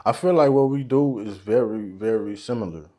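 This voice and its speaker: A man's voice: fairly low pitch, normal speed, warm tone. A man guest in a casual interview chat, easygoing and slangy, often laughing as he talks. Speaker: guest, videographer.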